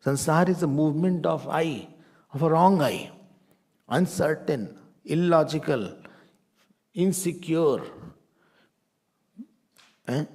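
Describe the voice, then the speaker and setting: A middle-aged man with an Indian accent, teaching a spiritual class in a lively, playful way. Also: fairly high pitch, slow pace, pauses often, husky. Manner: animated, playful, mixes Hindi phrases. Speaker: Vedanta teacher.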